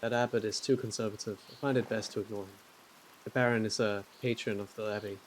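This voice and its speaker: Brief: man voicing a polite young monastery artist, game dialogue read flat and natural. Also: fairly low pitch, fast, a little hiss or hum, close to an everyday voice. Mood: calm. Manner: reading game dialogue aloud in a plain voice. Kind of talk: reading game dialogue aloud.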